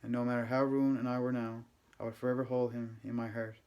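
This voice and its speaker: A man reading a first-person novel aloud, with steady, gentle, unhurried storytelling. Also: medium pitch, smooth. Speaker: audiobook reader.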